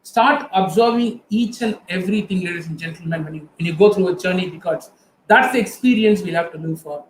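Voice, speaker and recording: A middle-aged man with an Indian English accent gives an earnest motivational talk, turning often to speak straight to his audience. His voice sits high for a man. The room is echoey, with faint ambience behind him. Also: fairly quick, a little hiss or hum. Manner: earnest storytelling, addresses the audience directly. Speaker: guest speaker.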